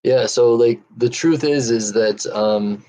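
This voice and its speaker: A man on a casual podcast chat, explaining things slowly and hesitantly with many fillers. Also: medium pitch, mellow.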